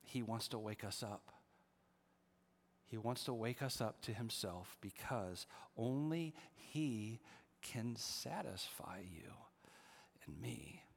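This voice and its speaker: A middle-aged man preaching a sermon as pastor, moving between hushed, prayerful near-whispers and lively storytelling. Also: medium pitch, takes it slowly, creaky. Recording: long hall reverb.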